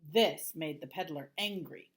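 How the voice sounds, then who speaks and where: A woman reading a children's picture book aloud in an expressive voice, sometimes dropping into a hush. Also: low voice, measured pace, husky. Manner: expressive, with hushed whispered asides. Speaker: storybook reader.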